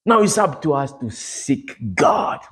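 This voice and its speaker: A man with a Congolese accent preaching a sermon, telling stories with lively energy and acting out prayers. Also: medium pitch, takes it slowly. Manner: animated storytelling, acting out prayers and street scenes.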